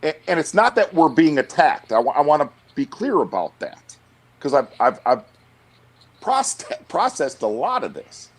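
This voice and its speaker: A middle-aged man talks bluntly in a casual podcast chat. His pitch swings widely as he gets worked up, and he often stumbles and repeats himself before landing a point. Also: unhurried. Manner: blunt, animated, lots of restarts and stammered repeats. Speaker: guest.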